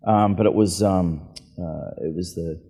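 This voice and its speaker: This author-aviator's voice is low, warm, and unhurried with a breathy edge as he tells stories casually at a book festival, voicing the people he met. He's a chatty festival guest, recorded in a reverberant venue hall.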